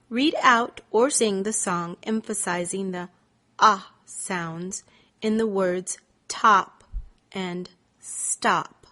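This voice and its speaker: A woman reading scripted teaching instructions as a reading teacher, sounding out vowels in a deliberate, drawn-out way. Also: mid-range voice, a bit bright. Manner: slow, deliberate, stretched-out vowel demonstrations.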